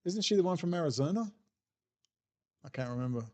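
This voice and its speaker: A man's voice: a little high, lively intonation, fairly quick, mellow. A man hosting a casual livestream, rambling and bluntly answering chat messages as he goes. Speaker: livestream host reading chat.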